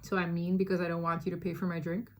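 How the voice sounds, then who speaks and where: A woman casually telling a personal story to her viewers, chatty and animated, with many fillers. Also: lowish voice, fast.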